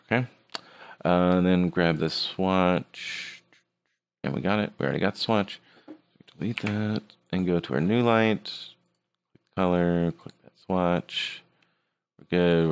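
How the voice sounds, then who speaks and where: Deep gravelly man teaching casually. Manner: joking, teasing his students. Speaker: 3D art teacher. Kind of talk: casual screen-recorded tutorial.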